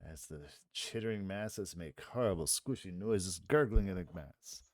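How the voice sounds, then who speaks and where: A man's voice: sits low, a little slow, a little mellow, no room sound, studio quality. A man acting as game master, narrating a tabletop game in a loose, rambling way with frequent chuckles.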